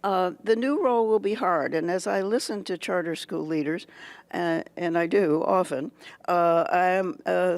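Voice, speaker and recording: A speaker delivering a prepared address to a schools association meeting, deliberate and halting with many pauses and restarts. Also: medium pitch. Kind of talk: prepared public speech. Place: meeting hall at an annual meeting.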